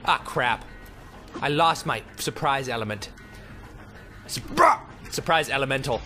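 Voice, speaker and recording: A man's voice: mid-range voice, animated, measured pace, over loud music. A young man giving goofy, rambling gameplay commentary, joking at his own expense and breaking into mock screams. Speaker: let's play commentator.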